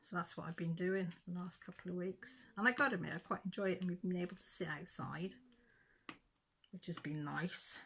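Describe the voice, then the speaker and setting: Chatty middle-aged woman, lower voice. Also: fairly quick, a bit bright, slight background noise. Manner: chatty, rambling, with frequent self-corrections. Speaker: craft vlogger. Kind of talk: casual chat, storytelling.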